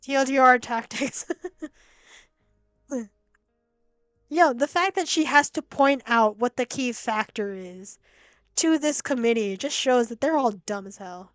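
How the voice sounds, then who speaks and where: A young woman streaming a game, chatty and excitable, reacting and reading story lines aloud. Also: a little high, a little slow, long pauses, clean tone, dry recording, soft background music. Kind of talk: casual game-stream commentary. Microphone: laptop mic.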